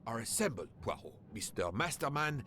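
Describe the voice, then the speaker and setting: An actor playing a suspicious, impatient middle-aged railway official in a video game. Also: male voice, mid-range voice, very animated, moderate pace, pushed and bright, a little hiss or hum. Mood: dutiful. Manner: blunt, skeptical.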